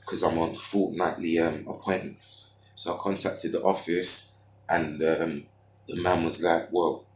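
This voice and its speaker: A young man rants through a casual monologue, heavy with street slang and hesitations. His voice sits low in his chest. The room around him rings with echo. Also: steady tone, a little slow, slight background noise. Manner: frustrated storytelling with street slang and many fillers. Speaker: vlogger.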